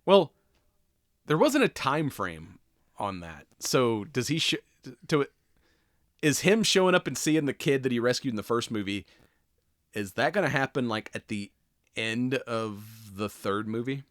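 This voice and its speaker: A man's voice: mid-range voice, expressive, measured pace, a bit bright, dry recording, studio quality. A man co-hosting a podcast, chatting casually and retelling movie scenes with lots of swearing and laughter. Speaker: podcast co-host. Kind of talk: casual chat.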